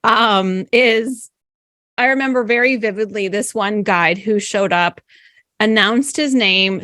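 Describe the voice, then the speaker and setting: Guest, female, brightish high voice, conversational storyteller, dry recording. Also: no echo. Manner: chatty, storytelling, asks questions. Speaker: podcast guest, also a podcast host. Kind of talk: casual interview chat.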